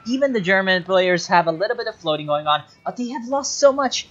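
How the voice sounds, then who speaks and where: A game caster talking through a strategy game replay, explaining mechanics and then breaking into exasperated shouting at the players. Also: mid-range voice, lively intonation, fairly quick, highs cut off.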